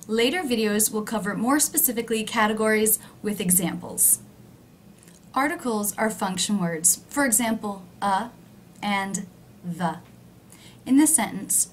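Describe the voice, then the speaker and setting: A woman teaching pronunciation in a scripted lesson, speaking clearly and slowing down to model example sentences. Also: mid-range voice, slight background noise.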